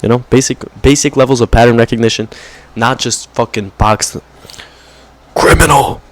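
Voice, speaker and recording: A man's voice: steady tone, moderate pace. A young man talking to camera in a rambling, profane rant, often saying "bro" and mocking others in put-on voices. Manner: mocking put-on quotes in higher voice. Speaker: vlogger.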